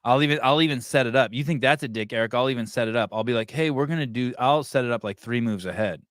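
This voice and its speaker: A man's voice: medium pitch, fast talker, fairly bright tone, no room sound, studio quality. A man hosting a podcast, chatting casually in a crude, joking way and laughing often. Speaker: podcast host.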